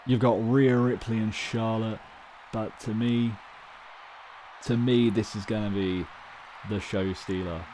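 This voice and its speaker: A man streaming a wrestling video game, giving chatty, excitable commentary and predictions. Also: fairly low pitch, unhurried, slight background noise. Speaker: gaming streamer. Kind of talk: casual live-stream commentary.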